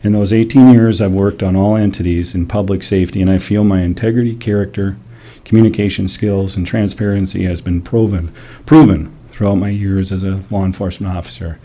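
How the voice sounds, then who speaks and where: Low-voiced guy running for sheriff, earnest closing pitch, bit emotional. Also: fairly even intonation, fairly quick, dark tone. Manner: earnest, getting choked up and laughing at himself. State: choked up. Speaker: sheriff candidate. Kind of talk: prepared closing statement. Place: public meeting hall.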